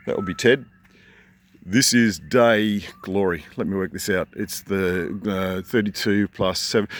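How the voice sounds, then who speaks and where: Low-voiced rambling Australian man. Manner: rambling and chatty, with rising inflection at sentence ends. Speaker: vlogger. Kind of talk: casual to-camera vlog. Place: outdoors on a seashore at sunrise. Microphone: handheld camera.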